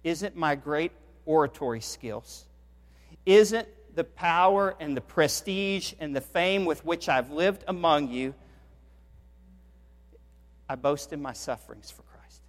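A man's voice: on the high side, slow pace, pauses often. A middle-aged man preaching a sermon as pastor, telling stories with animation and building to emphatic peaks. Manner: animated storytelling, swells in volume for emphasis. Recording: long reverb of a large hall.

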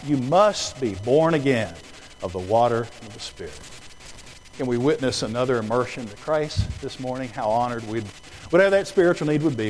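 Preacher with a dramatic, swinging delivery. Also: male voice, medium pitch, slight background noise, low-quality recording. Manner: swings from hushed storytelling to loud, emphatic appeals. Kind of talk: sermon. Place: church auditorium.

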